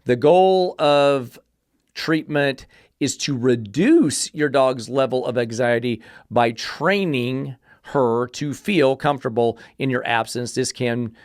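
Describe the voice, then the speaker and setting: A man's voice: medium pitch, slow, no echo, studio quality. A man hosting a dog-training podcast, reading an article aloud and picking it apart with exasperated, profane sarcasm. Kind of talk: podcast rant reviewing an article.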